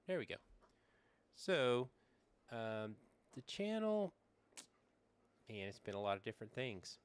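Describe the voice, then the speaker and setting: A man's voice: lowish voice, unhurried, clean tone. A middle-aged man streaming from a small shed, chatting casually and rambling through his setup with plenty of fillers. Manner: rambling, relaxed, thinks aloud with fillers. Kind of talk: casual live-stream chat. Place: small backyard shed with air conditioner running. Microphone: desk microphone, sometimes leaning away.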